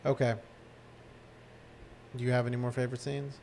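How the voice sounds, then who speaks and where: A man's voice: mid-range voice, moderate pace, slight background noise. A man co-hosting a podcast, chatting casually and retelling a favorite scene with restarts and fillers. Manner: animated storytelling with restarts. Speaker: podcast co-host. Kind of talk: casual recap chat.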